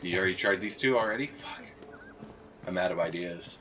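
A man hosting a let's play, thinking aloud in relaxed, casual chat while playing. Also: deep voice, fairly quick. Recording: distant mic with background noise.

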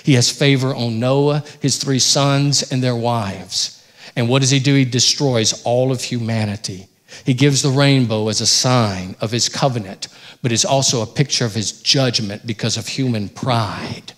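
A man preaching a sermon in a church, rising loud on key points and dropping low and quiet. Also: steady tone, normal speed. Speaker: pastor.

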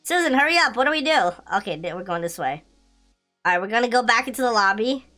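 A young woman giving excitable, giggly commentary while playing a video game. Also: a little high, quick pace, faint music behind. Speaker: gaming channel host.

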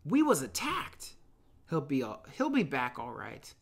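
A man's voice: medium pitch, wildly swooping pitch, measured pace, slightly rough, heavily acted. A man voicing a fat, asthmatic schoolboy with glasses, earnest and chatty, using plain working-class grammar, in a classroom read-aloud. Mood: eager.

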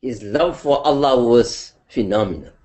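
A man giving a sermon, telling a religious story in an animated, heartfelt way. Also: mid-range voice, normal speed. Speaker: preacher.

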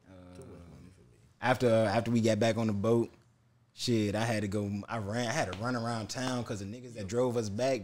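A man's voice: lowish voice, darkish tone. A young man co-hosting a podcast, telling a story in casual chat with laid-back slang and frequent laughs. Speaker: podcast co-host.

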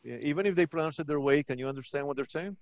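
A man from New York with a Colombian-tinged accent, presenting a live teaching webinar in a lively, playful way. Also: on the high side, racing, dry recording, muffled recording. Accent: Colombian-tinged New York English. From New York, of Colombian roots. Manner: lively, playful, acts out little dialogues.

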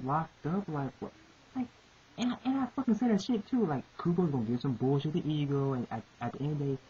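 A woman giving profane, repetitive, exasperated ranting commentary on a comic chapter. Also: lowish voice. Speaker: manga reviewer. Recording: muffled lo-fi recording with hiss.

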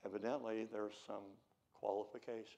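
An American man preaching a sermon, swinging between loud shouted declarations and low, quiet asides. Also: level tone, fairly quick, gravelly, lo-fi sound.

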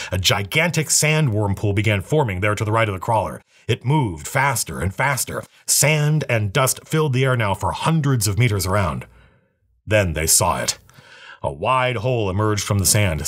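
A man reading a novel aloud with a steady, even storytelling manner. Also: lowish voice, husky.

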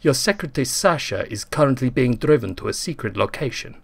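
A man's voice: medium pitch, lively intonation, brisk, vocal fry, breathy edge. A man putting on a menacing Russian-accented kidnapper. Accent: put-on heavy Russian.

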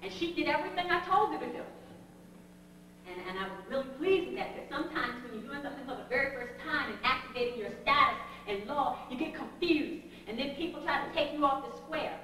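Woman, high voice, bright and sharp tone, animated emphatic storyteller, distant mic. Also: quick pace, slight background noise. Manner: animated, emphatic, frequent laughs. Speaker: speaker addressing a group. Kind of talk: storytelling talk. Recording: echoey hall from a distant mic.

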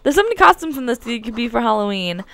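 A woman's voice: fairly high pitch, big pitch swings, racing, sharp tone. A woman rambling and giggling as she comments on her video game play. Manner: chatty and rambling, giggles often. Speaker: let's play gamer.

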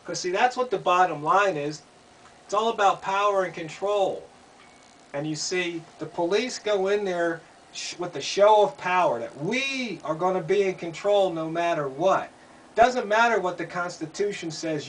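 A man's voice: sits high, normal speed, fairly bright tone. A man giving an opinion monologue, asking pointed rhetorical questions and repeating himself. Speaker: commentator. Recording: distant mic, faint background noise.

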